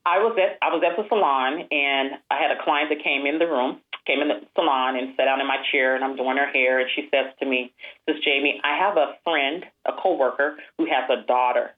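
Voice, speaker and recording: A low-voiced woman tells her story as an interview guest. She is animated and lifts her voice to act out the people she quotes. Her voice comes through a narrow, tinny phone line. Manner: animated storyteller, acts out quoted dialogue in a higher voice. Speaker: guest, alopecia support group founder.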